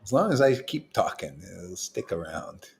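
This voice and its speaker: A man giving an informal, animated spiritual talk to a group, streetwise in tone and swinging between loud bursts and hushed asides. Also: low-pitched, normal speed, gravelly, a little hiss or hum. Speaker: spiritual teacher leading a devotee meetup. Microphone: livestream mic.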